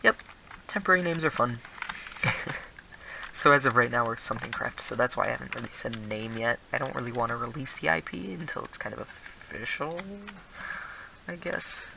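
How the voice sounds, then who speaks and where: A man's voice: medium pitch, animated, fairly quick, creaky, pauses often, noisy background. A teenage boy casually commenting on his own building game, rambling and laughing at himself now and then. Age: teens. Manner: rambling, self-deprecating, laughs often. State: prone to coughing. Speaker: gaming video host.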